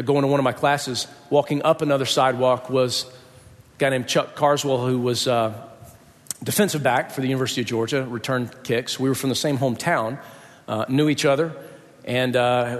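This preacher keeps a steady tone and a slightly quick pace, with a medium pitch, inside a large hall. He narrates something that happened to him and voices the people he quotes.

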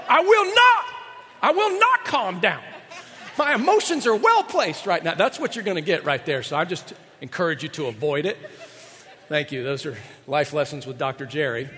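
A man preaching a sermon as a pastor, animated and joking, with quick asides to his listeners. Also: sits high, long reverb tail.

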